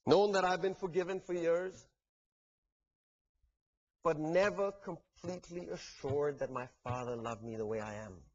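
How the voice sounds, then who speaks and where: A man with a fairly high voice preaches a sermon, earnest and heartfelt. He swings between fervent, ringing peaks and hushed, soft passages. The recording is dull and lo-fi. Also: unhurried, long pauses. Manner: earnest, rising to fervent climaxes then dropping soft.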